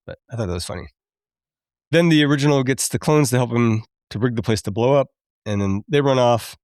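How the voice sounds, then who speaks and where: A man in his thirties hosting a podcast, chatty and quick to laugh as he recaps a film and admits it moves him. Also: mid-range voice, a little mellow, clear, resonant tone, no room sound, clean studio sound. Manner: chatty, laughs often, openly emotional. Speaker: podcast host.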